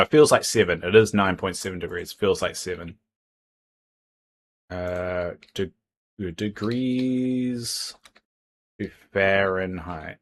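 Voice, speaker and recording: A man chatting casually on a livestream from home, rambling and tripping over his words as he reads out donations. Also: low voice. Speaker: streamer. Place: home, indoors.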